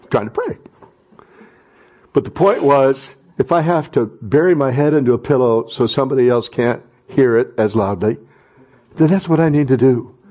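A middle-aged man preaching a sermon as pastor, talking conversationally and then rising to loud impassioned cries. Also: mid-range voice, big pitch swings, slow, pauses often, slightly rough.

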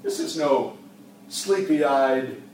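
Impassioned preacher in an echoey church. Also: male voice, medium pitch, drawn-out words. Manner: impassioned, swings from quiet talk to shouting, calls out to the congregation. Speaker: pastor. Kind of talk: sermon. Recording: echoey church sound from a distant mic, faint hiss.

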